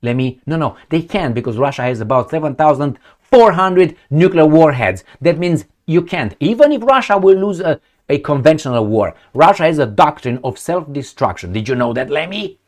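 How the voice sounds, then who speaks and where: A man's voice: fairly high pitch, animated, normal speed. A man hosting a solo political commentary. He talks bluntly and sarcastically, swears, and rambles with searching fillers.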